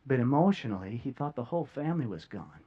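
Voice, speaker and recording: A man speaks from a stage to an audience in a middle-pitched voice, earnest and heartfelt. He halts often, repeating words and pausing long. The sound is slightly dull and lo-fi. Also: very animated. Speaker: speaker sharing a near-death experience. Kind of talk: emotional public talk to an audience. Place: stage before a live audience.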